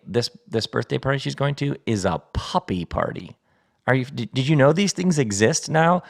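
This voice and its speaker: A man's voice: mid-range voice, gravelly. A middle-aged man hosting a casual solo podcast from his kitchen table, chatty and playful, laughing easily. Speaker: podcast host. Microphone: studio mic set up at the table.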